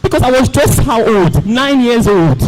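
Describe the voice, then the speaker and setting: A young man performing a dramatic spoken-word story in an animated, theatrical way. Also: very high-pitched, normal speed, background noise. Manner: animated, theatrical, voices the characters.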